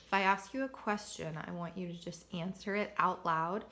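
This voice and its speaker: A woman teacher reading a picture book aloud at home and pausing to explain vocabulary patiently. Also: lowish voice, pushed and bright.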